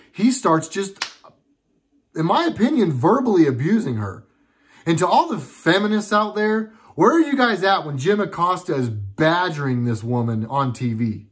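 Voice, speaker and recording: A man's voice: a little high, very animated, normal speed. A young adult man from the United States giving a casual political commentary monologue, indignant, sarcastic and rambling.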